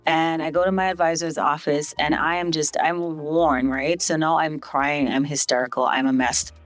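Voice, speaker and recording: A woman's voice: low-pitched, moderate pace, soft background music. A middle-aged woman from St. Vincent, a hospital CEO and podcast guest, telling her life story casually. She brings the story to life by acting out other people's lines. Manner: lively storyteller who acts out other people's quoted lines in a raised voice.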